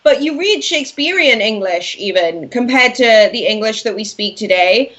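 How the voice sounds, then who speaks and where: A chatty woman in her twenties who grew up in Wales, talking as a radio guest. Her voice sits fairly high, and she rattles along with plenty of "like" fillers. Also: normal speed, dull audio. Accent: Welsh-born, speaking with an American-leaning accent. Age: 20s. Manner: chatty, animated, many "like" fillers. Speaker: guest commentator. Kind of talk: casual talk-radio interview.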